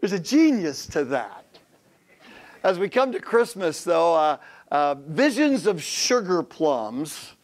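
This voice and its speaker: A man in his fifties, a pastor giving a joking sermon to men, telling stories and acting out quotes. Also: high voice. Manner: humorous storytelling with acted quotes.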